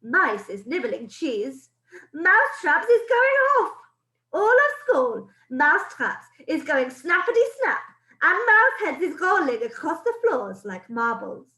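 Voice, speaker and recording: A woman voicing a cruel old female witch leader in a put-on foreign accent, shouting and chanting in a sing-song way. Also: high voice, big pitch swings, a little slow, reverberant, pitched above the performer's own voice, full character voice, low-quality recording. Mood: gloating.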